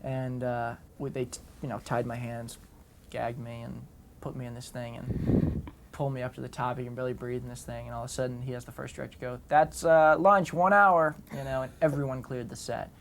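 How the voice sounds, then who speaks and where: Fast, gravelly young actor. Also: male voice, medium pitch, monotone, a little mellow, slight background noise. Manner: rambling, friendly, lots of you-knows. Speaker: actor guest. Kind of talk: casual interview anecdotes.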